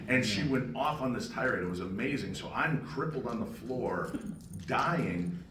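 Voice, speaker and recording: An older man telling an animated story on a convention panel and acting out other people's lines, heard from far off in a noisy room. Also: medium pitch, normal speed, a loud crowd. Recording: echoey hall from far off, noisy.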